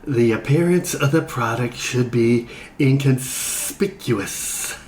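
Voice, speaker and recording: A man's voice: medium pitch, takes it slowly, a little mellow, close to an everyday voice. A man voicing a wry giant bug who became an internet celebrity, talking dry and blunt. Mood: deadpan. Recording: roomy echo with faint noise.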